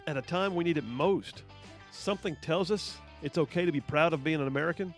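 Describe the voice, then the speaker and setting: A man's voice: a little high, brisk, faint music behind. A middle-aged man hosting a radio talk show, telling stories in a casual, chatty way with many restarts. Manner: chatty, repeats words as he goes. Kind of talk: casual on-air storytelling.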